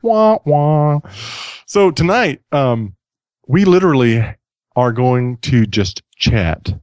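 A man's voice: mid-range voice, big pitch swings, slow pace, no echo. Rambling podcast host man. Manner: rambling, self-deprecating, stumbles and restarts. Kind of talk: casual podcast chat.

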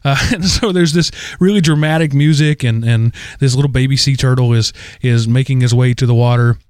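A man in his forties, co-hosting a podcast, telling a rambling, animated story full of fillers. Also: mid-range voice, fairly quick, clean tone, no echo, studio quality. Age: 40s. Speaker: podcast co-host. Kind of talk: casual chat.

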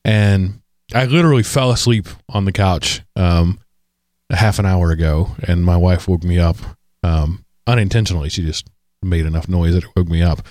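A man hosting a podcast in a casual chat, congested and hoarse from allergies, tired but joking along. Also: low voice, moderate pace, darkish tone, no room sound, studio quality. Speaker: podcast host.

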